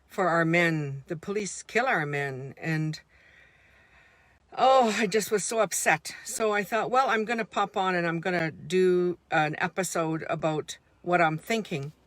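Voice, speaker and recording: A woman's voice: lowish voice, a little slow, fairly bright tone, dry recording. A middle-aged woman speaking an unscripted, heartfelt monologue to her handheld camera, indignant and repeating herself as she talks. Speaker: vlogger.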